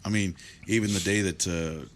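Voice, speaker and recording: A man, hosting an interview and telling stories in a lively way, quoting people with animation. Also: low-pitched, moderate pace. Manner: lively storyteller, animated when quoting others. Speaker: interview host. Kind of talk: casual interview chat, telling a story.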